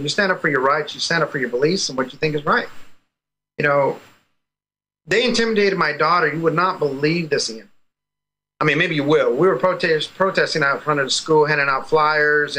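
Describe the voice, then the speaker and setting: Speaking as a guest in a casual call interview, an American dad energetically recounts a story, performing the dialogue he quotes. His voice is fairly high and sharp, captured on a rough recording.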